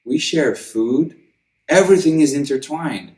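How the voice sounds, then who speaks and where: A man's voice: on the low side, a little slow, a little mellow. A man giving a casual astrology forecast, rambling loosely and swearing freely. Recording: echoey room, mic at a distance.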